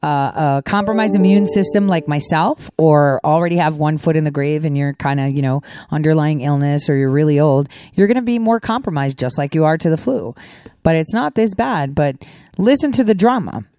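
A woman's voice: low voice, animated, a little fast, mellow, no room sound. A woman hosting her own show, talking in a rambling, conversational way with many asides. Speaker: show host. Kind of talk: casual political commentary.

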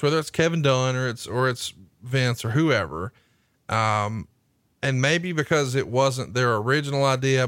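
A man's voice: mid-range voice, fairly bright tone, no room sound. Southern man hosting, dry close sound. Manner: profane, rapid-fire questioning. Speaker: podcast host. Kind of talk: casual podcast chat.

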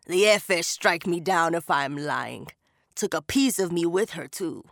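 Woman narrator doing a grizzled, boastful old boatman, slow and gravelly. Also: lowish voice, animated, a bit bright, dry recording, studio quality, full character voice. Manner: gruff, boastful.

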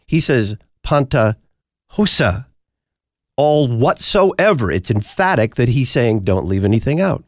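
A man's voice: medium pitch, no room sound, studio quality. A man hosting a talk radio show, answering listener mail in an emphatic, preacherly way.

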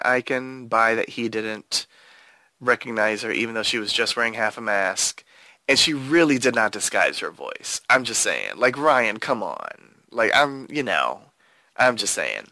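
A man co-hosting a podcast, recapping an episode in a playful, animated way with quick asides. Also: medium pitch, dry recording. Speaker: podcast co-host. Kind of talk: casual podcast discussion.

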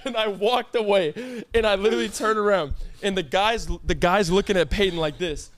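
Excitable young man, high voice. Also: moderate pace, slight background noise. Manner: animated, swears often, breaks into laughter. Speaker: podcast co-host. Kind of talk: casual storytelling chat.

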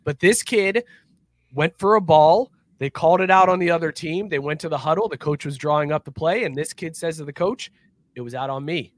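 A man co-hosting a sports podcast, ranting and joking in a sarcastic, animated way. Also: fairly high pitch, brisk, no room sound. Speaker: podcast co-host. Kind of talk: casual sports chat.

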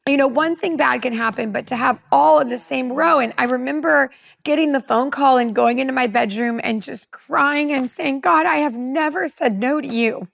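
A woman in her forties from California, a women's pastor, telling a personal testimony in an earnest, animated way during a panel conversation. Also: sits high, moderate pace, creaky, no echo, studio quality. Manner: earnest, animated storyteller who acts out dialogue.

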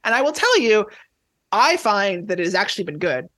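A man who is a tennis journalist, chatting as a podcast guest, talking quickly and excitably with lots of restarts. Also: high voice, dry recording. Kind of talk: casual podcast chat.

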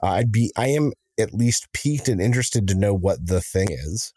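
Deep-voiced guy cohosting a podcast, rambling jokey bits, dry close sound. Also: animated, dark tone, dry recording. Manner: joking, drawn-out storytelling with fillers. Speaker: podcast co-host. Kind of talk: casual chat.

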